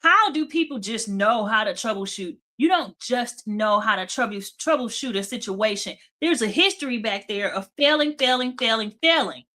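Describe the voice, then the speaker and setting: A woman's voice: on the high side, animated, moderate pace, hardly any pauses, bright, forceful tone. A woman hosting a casual devotional talk. She sounds tired and keeps checking in with her listeners by asking "okay?" and "right?". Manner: chatty, repeats "okay?" and "right?". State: tired, yawning. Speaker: host of a devotional talk show.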